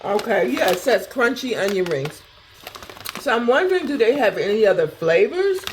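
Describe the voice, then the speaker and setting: A woman casually chatting through a snack taste test, thinking out loud as she goes. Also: fairly high pitch, normal speed, slight background noise. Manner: talks to herself while tasting, animated, chatty. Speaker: food review vlogger.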